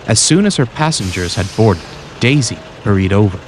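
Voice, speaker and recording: A man narrating a children's storybook in a scripted, expressive way. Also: fairly low pitch, moderate pace, hardly any pauses, slight background noise. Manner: expressive, voices every character. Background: music.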